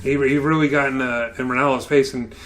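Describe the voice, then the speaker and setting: A man's voice: medium pitch, fairly even intonation, fairly quick, fairly bright tone. A man hosting a casual podcast chat, laughing often and filling with "uh". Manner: laughs often, many fillers. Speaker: podcast host.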